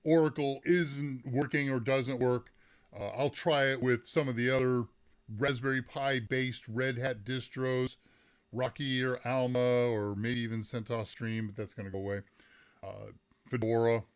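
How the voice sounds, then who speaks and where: A man's voice: mid-range voice, fairly even intonation, measured pace, clean tone. Rambling, self-interrupting male tech streamer. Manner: rambling, self-interrupting, reads chat aloud, laughs often. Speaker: host of a live tech Q&A stream. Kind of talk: casual live-stream chat.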